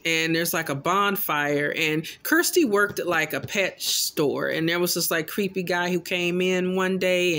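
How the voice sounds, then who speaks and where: A man casually recapping a horror film in an animated, loosely paraphrasing storytelling way. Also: sits high. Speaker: film commentator.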